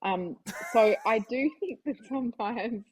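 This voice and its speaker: A woman's voice: a little high, unhurried, a little mellow, breathy edge, low-quality recording. An Australian woman, a vet, chatting as a podcast guest in a rambling way full of asides. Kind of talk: casual chat.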